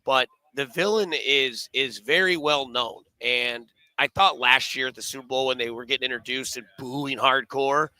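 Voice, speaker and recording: Rambling sports radio host, bright voice. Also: male voice, mid-range voice, moderate pace, hardly any pauses, no echo, low-quality recording. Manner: rambling storyteller, many fillers and restarts. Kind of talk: casual sports radio chat.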